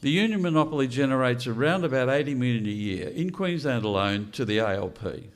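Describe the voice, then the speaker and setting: An older man speaks at a political launch event, bluntly and without a script, firing rhetorical questions at the audience. His voice is medium-pitched and animated, and his delivery is brisk.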